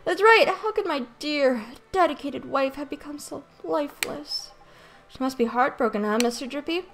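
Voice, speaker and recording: A woman's voice: sits high, lively intonation, normal speed, fairly bright tone. Woman doing a fretful old-fashioned husband.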